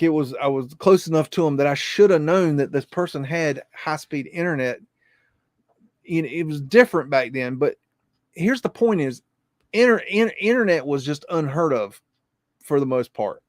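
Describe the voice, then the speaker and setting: A man's voice: fairly high pitch, normal speed, long pauses, dry recording. Rambling, profane man with a dry sound. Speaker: podcast host. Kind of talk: live podcast talk.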